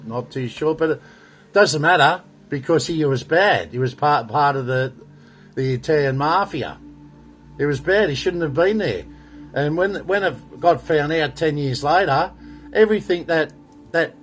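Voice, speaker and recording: A middle-aged Australian man ranting indignantly in a rambling monologue, with frequent swearing. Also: on the high side. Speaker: political commentator. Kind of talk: monologue to camera.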